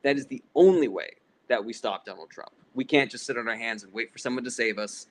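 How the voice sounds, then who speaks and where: A man's voice: medium pitch, brisk. A man hosting a livestream Q&A on politics, answering chat questions in a heated, blunt, profane way. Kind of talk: casual livestream Q&A.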